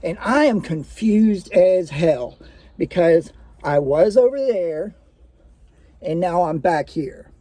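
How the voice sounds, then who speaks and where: A man with a high, mellow voice recounts a personal story. He talks casually and swears freely, stopping to restart his sentences and fill the gaps with "uh" and "like.". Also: lively intonation, slow pace, no echo. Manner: casual, profane, full of fillers and restarts.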